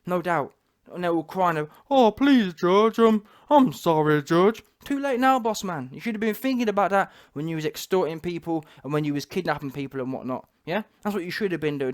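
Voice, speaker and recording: A commentary channel host with a high voice speaks emphatically to the camera in talking-head style, repeating rhetorical questions.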